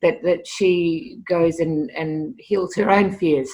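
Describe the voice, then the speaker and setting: A middle-aged woman, a guest telling stories in a casual interview, lively and often repeating words as she starts a sentence. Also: fairly low pitch, slow. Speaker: interview guest, animal communicator.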